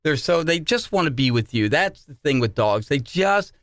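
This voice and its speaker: A middle-aged man co-hosting a podcast, chatting casually and telling animated, jokey stories. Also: a little high, moderate pace, no room sound, clean studio sound. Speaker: podcast co-host. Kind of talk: casual chat.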